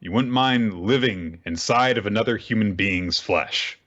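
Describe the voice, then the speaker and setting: A man's voice: on the low side, measured pace, lo-fi sound. A man co-hosting a casual chat, animatedly retelling scenes and acting out the quoted lines. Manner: animated storyteller who acts out quoted lines. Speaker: podcast co-host recapping manga.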